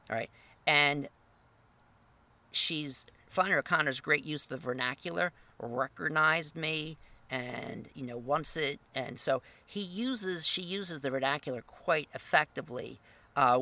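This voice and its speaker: A man teaching literature, talking through a short story in a loose, conversational way and reading quoted lines aloud. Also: pushed and bright. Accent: Northern US. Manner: conversational, tag questions, reads quotes aloud with lifted pitch.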